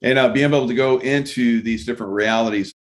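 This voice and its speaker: An older man hosting a casual interview, talking in a measured, reflective way. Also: mid-range voice, steady tone. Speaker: host.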